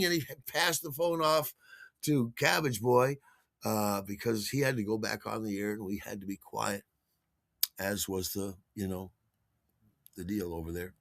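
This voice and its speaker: A male host tells a late-night story in a loose, rambling way, repeating himself and chuckling. His voice is very bright and forward. The recording is dry and close, with no room around it. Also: fairly low pitch, animated, moderate pace, no room sound. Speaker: podcast host. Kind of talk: casual storytelling monologue.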